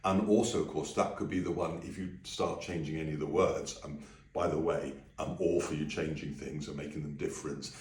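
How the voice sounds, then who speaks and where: A deep-voiced man leads a relaxed singing lesson, explaining each step and singing lines to demonstrate. The room is echoey and he sits a little back from the mic. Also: brisk, far from the mic. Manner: friendly, easygoing explanations with sung demonstrations. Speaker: music teacher. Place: room with a piano.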